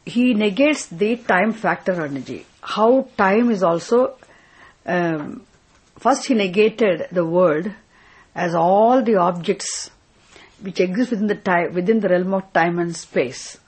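A woman's voice: on the low side, slow pace, a little mellow, husky, poor audio. A woman teaching a scripture class, asking questions, repeating her points and checking with "isn't it?". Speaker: spiritual teacher.

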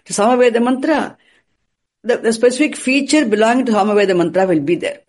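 Husky-voiced teacher giving a lecture. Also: medium pitch, fast, a little mellow. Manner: asks rhetorical questions and answers them; repeats and restarts phrases while explaining. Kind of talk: classroom lecture.

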